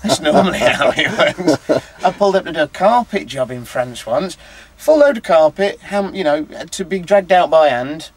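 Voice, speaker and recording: An Englishman in his twenties, a truck driver, tells chatty anecdotes in a casual interview outdoors at a harbour, filling his speech with "you know." His voice sits on the high side with big pitch swings, at normal speed and with hardly any pauses.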